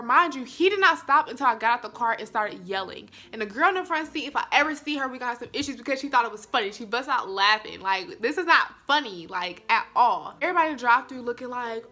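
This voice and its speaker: A young woman, telling viewers a story in an animated, chatty way. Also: fairly high pitch, fast talker, few pauses. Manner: animated, addresses viewers as y'all. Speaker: vlogger. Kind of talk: storytime vlog.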